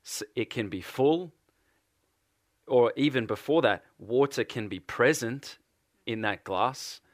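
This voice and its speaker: A man with an Australian accent delivers a sermon in a slow, unhurried cadence. He repeats his phrases and presses earnest questions on his listeners. The voice sits close and dry, with little room sound. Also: mid-range voice, dry recording. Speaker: preacher.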